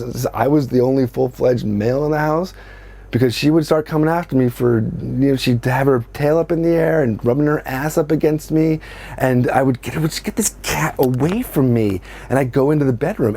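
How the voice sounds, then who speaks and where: A middle-aged man telling a comic personal story in a casual, animated way, swearing freely and acting out what people said. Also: mid-range voice, brisk, slightly rough.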